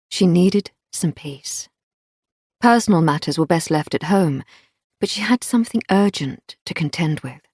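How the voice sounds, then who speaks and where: Female narrator, measured thriller read; lowish husky voice, close and dry. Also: darkish tone, dry recording. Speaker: audiobook narrator. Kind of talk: scripted narration.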